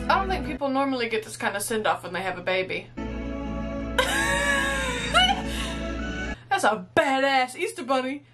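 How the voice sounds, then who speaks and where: Young woman, twenties, reaction host. Gushing and emotional, swears casually, teary, fairly high voice. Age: 20s. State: teary after crying. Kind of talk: movie reaction and review.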